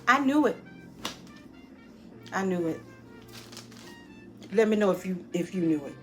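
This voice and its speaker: A woman talks through a movie review in a chatty, expressive way, speaking straight to her viewers and calling them honey. Her voice sits at a middle pitch for a woman, and faint music plays softly behind her. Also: normal speed, pauses often. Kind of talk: casual spoken movie review. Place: at home near her dishes.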